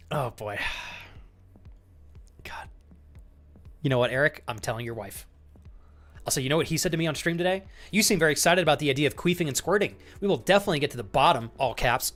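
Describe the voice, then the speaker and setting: A man's voice: medium pitch, fairly bright tone. A man streaming live, chatting casually with viewers, reading their messages and laughing often in mock indignation.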